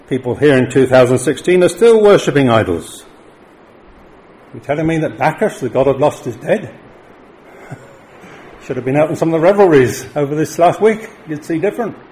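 A middle-aged man preaching a sermon, lifting his voice for emphatic declarations and dropping low and quiet for solemn points. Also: animated, normal speed, pauses often, slight background noise, low-quality recording.

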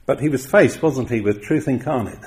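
A man preaching a sermon, with emphatic stresses that rise loud and then drop quiet. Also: medium pitch, brisk.

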